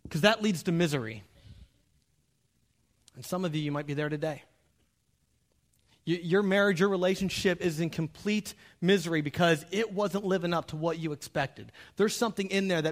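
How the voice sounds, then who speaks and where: High-voiced man preaching with humor. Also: a little slow, long pauses. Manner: animated, acts out quoted dialogue; humorous, direct address to the audience. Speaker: pastor. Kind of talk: sermon.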